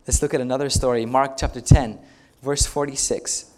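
A man's voice: mid-range voice, steady tone, moderate pace, darkish tone, slight background noise. A male pastor preaching a sermon, retelling stories in a conversational way and putting rhetorical questions to the congregation.

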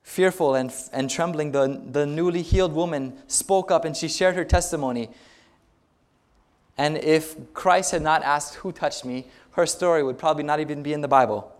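A man's voice: on the high side, moderate pace. A male pastor preaching a sermon, retelling stories in a conversational way and putting rhetorical questions to the congregation.

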